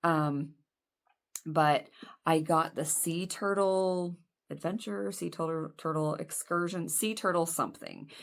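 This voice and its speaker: Low-voiced chatty woman unboxing dolls. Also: fairly even intonation, slow pace, vocal fry. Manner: chatty, self-deprecating, rambling asides. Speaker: doll collector vlogger. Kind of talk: casual unboxing chat.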